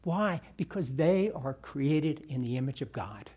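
A man's voice: fairly high pitch, lively intonation, unhurried, a little mellow, slightly rough. A man preaching a sermon to a church congregation, speaking conversationally and pushing hard on key words. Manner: emphatic, rising on key words, conversational asides. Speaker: pastor. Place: church sanctuary.

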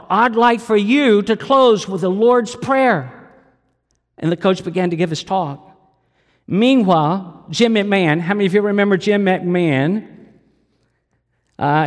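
A man's voice: sits high, long reverb tail. A male pastor delivering a sermon, telling a story and asking his listeners questions. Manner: storytelling, asks the audience questions.

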